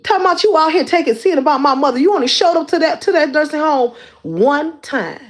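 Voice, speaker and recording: High-voiced woman going off on her live stream, blunt and worked up, stumbles and repeats herself. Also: lively intonation, brisk. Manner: confrontational, repeats words and restarts. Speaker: livestream host. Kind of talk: heated livestream rant.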